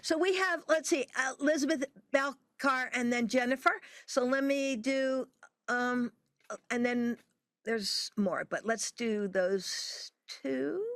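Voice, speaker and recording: A woman's voice: fairly high pitch, no room sound. A woman hosting an online memorial gathering over a video call, chatty and thinking aloud as she goes. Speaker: memorial host.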